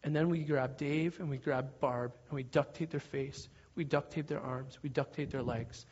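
A man preaching, telling a story in an animated way and shouting out parts of it. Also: medium pitch, moderate pace, breathy edge. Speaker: pastor. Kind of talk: sermon storytelling. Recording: dull lo-fi recording.

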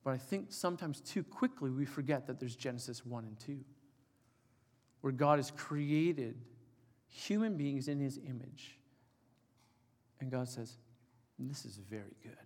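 A man in his forties preaching a sermon, telling an emotional personal story and dropping to soft, quiet tones for emphasis. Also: mid-range voice, lively intonation, unhurried, pauses often. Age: 40s. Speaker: pastor. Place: church hall. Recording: reverberant church hall.

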